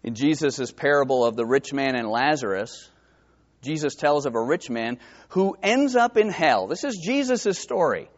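A man from New Jersey with a New Jersey accent, preaching a sermon that swings from hushed to emphatic. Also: mid-range voice, animated, normal speed. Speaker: pastor. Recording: dull lo-fi sermon recording.

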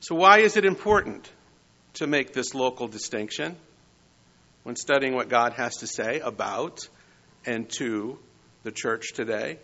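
Bright-voiced preacher, lo-fi recording. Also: male voice, mid-range voice, expressive. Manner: measured preaching, rising emphasis on key words. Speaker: pastor. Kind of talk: sermon. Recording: lo-fi, dull sound.

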